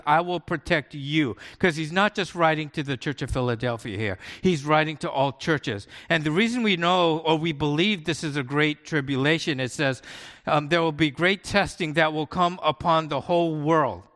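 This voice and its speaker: A male pastor delivers a sermon in a relaxed, story-driven way, often checking in with his listeners. His voice sits a little high for a man. It rings with the long reverb of a large hall or church.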